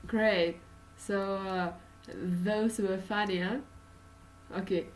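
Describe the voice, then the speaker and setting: A woman's voice: mid-range voice, steady tone, takes it slowly, recorded from a distance, slight background noise, rough recording. A woman from Russia with a Russian accent, teaching an English pronunciation lesson with many uh and um fillers and patient explanations.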